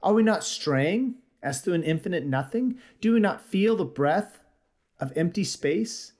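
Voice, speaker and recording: Brief: raving madman, urgent questions, pitched up high, read by a male preacher. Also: lively intonation, a little slow, a little mellow, full character voice. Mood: frantic.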